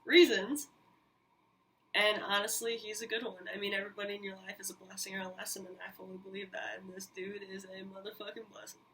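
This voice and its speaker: Woman, podcast host, candid personal storytelling, animated, swears freely, bright tone, faint background hiss. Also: mid-range voice. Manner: animated, swears freely, quick asides and laughs. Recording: mic a little distant, faint hiss.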